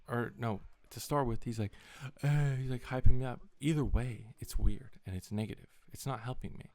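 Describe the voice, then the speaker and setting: A man's voice: medium pitch, normal speed, dark tone, no room sound. A young man in a casual, rambling vlog, retelling a story in an exasperated tone with lots of swearing. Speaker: vlogger.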